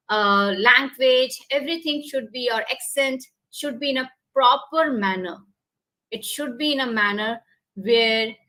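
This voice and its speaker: A woman with an Indian English accent and a slightly high, bright, pushed voice runs a public speaking webinar over a video call. She explains things step by step, repeats herself and leads breathing exercises in this online workshop. The recording is rough.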